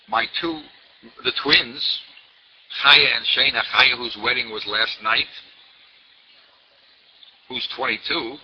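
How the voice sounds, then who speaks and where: Older man telling a story, dull recording. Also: mid-range voice. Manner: repeats words for emphasis, lively storyteller. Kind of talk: storytelling sermon. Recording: dull lo-fi recording with faint noise.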